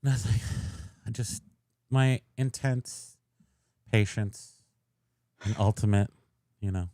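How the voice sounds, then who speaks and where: A man co-hosting a casual podcast, joking and rambling, his voice often trailing off quietly. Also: on the low side, slow pace, no room sound, studio quality. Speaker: podcast co-host. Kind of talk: casual livestream chat.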